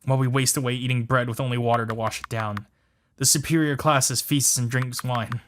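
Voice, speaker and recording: Bitter ambitious male painter read by a man, resentful, declaiming, mid-pitched. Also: steady tone, a little fast, fairly bright tone, a little hiss or hum, natural voice. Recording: music playing behind.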